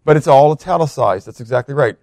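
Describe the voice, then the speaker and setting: A man preaching a verse-by-verse sermon, reading scripture aloud, swelling on key words and dropping low, often asking his listeners questions. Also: animated, fast, darkish tone, no room sound, studio quality. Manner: emphatic, swells on key words then drops low, asks the congregation questions. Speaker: pastor.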